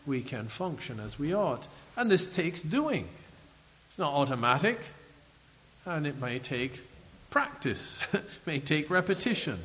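A man preaching a sermon in an animated way, chuckling as he reads scripture aloud to his listeners. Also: a little high, in a large hall.

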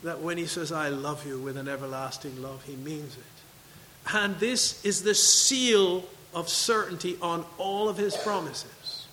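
A man's voice: fairly high pitch, steady tone, measured pace, bright, forceful tone, big-room sound, slight background noise, low-quality recording. A man preaching a sermon to his congregation, reading scripture and asking questions. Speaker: pastor. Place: church sanctuary.

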